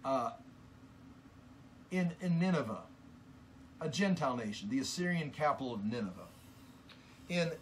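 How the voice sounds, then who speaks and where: A man teaching from the Bible in an earnest, impassioned sermon, often halting and restarting mid-sentence. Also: medium pitch, expressive, slight background noise.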